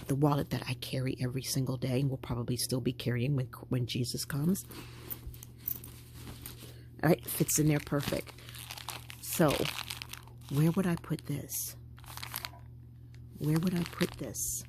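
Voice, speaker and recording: A woman's voice: extremely low pitch, a little slow, pauses often, background noise. A woman vlogger chatting casually to her viewers as she packs a handbag. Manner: chatty, animated, talking to viewers while packing a bag. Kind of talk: casual chat.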